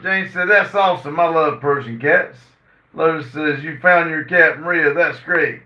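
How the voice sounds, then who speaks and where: Guy reading out chat on his phone stream, lotsa uh's, kinda high voice, sounds far off and muffled. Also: pushed and bright. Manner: reads chat messages aloud and answers them; halting, frequent "uh" fillers. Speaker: livestream host reading viewer comments. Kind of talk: casual chat. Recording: roomy, distant and dull phone audio.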